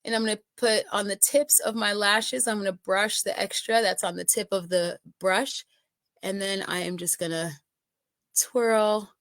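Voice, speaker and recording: A woman's voice: medium pitch, pushed and bright, no echo. A middle-aged woman giving a casual makeup tutorial, chatting with viewers and often checking in with them. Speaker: makeup consultant.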